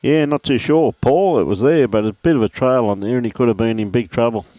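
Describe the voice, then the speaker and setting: On a dry recording, a middle-aged man with an Australian accent and a warm mid-range voice talks fairly quickly. He's doing laid-back live commentary on lawn bowls, matey and chatty, greeting viewers by name.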